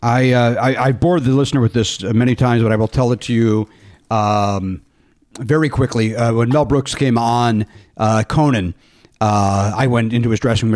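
A man hosting a casual comedy podcast, telling stories and acting out the people in them with raised voices. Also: medium pitch. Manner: animated storyteller, acts out quotes in raised voices. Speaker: podcast host.

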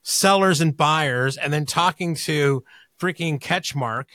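A male co-host with a fairly high speaking voice, talking in a loose, rambling way and swearing freely. His voice is recorded close and dry, with hardly any room sound. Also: takes it slowly, pushed and bright, no echo. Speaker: podcast co-host. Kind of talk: casual podcast discussion.

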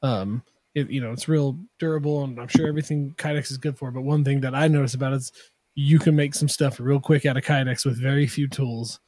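A man's voice: mid-range voice, steady tone, a little fast, darkish tone, dry recording. Give me a man rambling casually on a podcast, in a dry, close recording. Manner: rambling, self-deprecating, many fillers. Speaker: podcast guest, tool builder.

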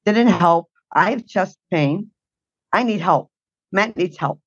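A woman's voice: lowish voice, lively intonation, takes it slowly, husky, no room sound, lo-fi sound. A woman guest telling her caregiving story in a blunt, indignant way. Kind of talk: emotional personal account.

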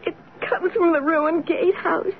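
An actress playing a frightened, feverish teenage daughter in a 1970s radio drama, pleading and anxious, on a tinny broadcast. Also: female voice, very high voice, steady tone, normal speed.

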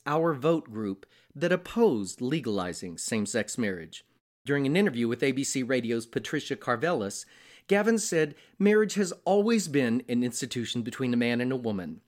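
A man reading weekly news headlines as the show's anchor, in a steady, measured scripted delivery. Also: mid-range voice.

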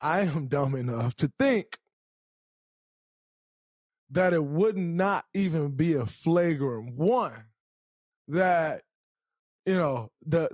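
A man answering at a press conference, halting and searching for words. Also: on the high side, no echo, clean studio sound. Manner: halting, many fillers and restarts.

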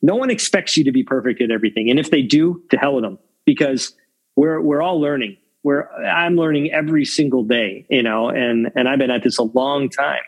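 A man's voice: mid-range voice, a little fast, breathy edge, poor audio. A man in his fifties, a longtime film crew veteran, giving candid, reflective interview answers full of fillers. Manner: reflective, rambling with many fillers.

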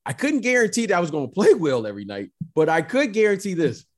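A middle-aged man telling stories in a casual chat, emphatic and animated, often repeating the listener's name. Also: high-pitched, quick pace. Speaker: former basketball player, guest.

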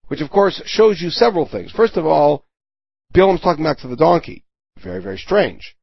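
A man's voice: fairly high pitch, expressive, normal speed, gravelly, breathy edge, no echo. A man giving a Torah lesson, reading Hebrew verses and translating them line by line, with everyday examples. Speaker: Torah teacher. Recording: dull lo-fi recording.

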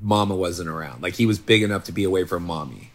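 Dry laid-back man, lowish voice. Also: quick pace. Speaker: podcast co-host. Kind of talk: casual chat.

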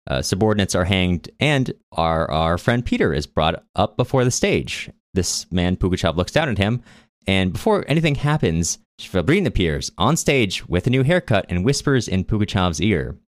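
Deep-voiced wry podcast storyteller man. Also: big pitch swings, normal speed, no room sound. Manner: chatty storytelling with wry asides. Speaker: podcast co-host. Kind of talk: casual book-discussion podcast recap.

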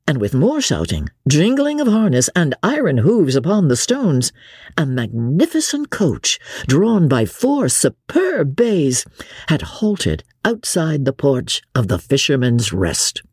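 A woman narrating an audiobook with lively, expressive storytelling. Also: low-pitched, slow, slightly rough, dry recording, clean studio sound. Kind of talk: scripted narration.

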